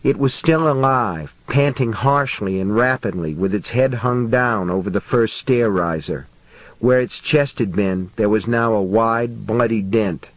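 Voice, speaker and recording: A man narrating an audiobook in a steady, measured reading voice. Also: lowish voice, no echo, poor audio.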